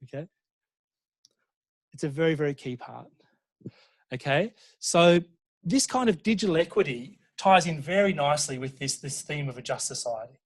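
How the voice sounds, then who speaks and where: An Australian man giving a conference presentation as a university lecturer, animated and checking in with the audience, with frequent fillers and restarts. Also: a little high, moderate pace, long pauses.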